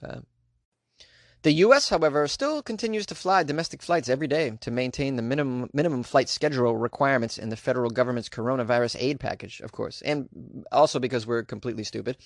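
Here a podcast host talks quickly in a medium-pitched voice, keeping his solo chat casual with sarcastic remarks and plenty of fillers. The studio-quality recording has no room sound.

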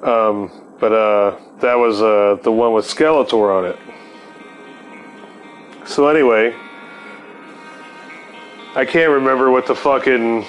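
A man's voice: medium pitch, a bit bright. A man in his forties telling rambling, profane stories in a laid-back stoner way as the host of his show. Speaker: podcast host. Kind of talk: casual storytelling.

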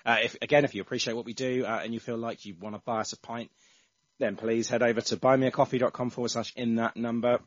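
A man's voice: medium pitch, little pitch movement, fast, no room sound, lo-fi sound. A man hosting a casual football podcast, chatting with frequent restarts. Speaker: podcast host.

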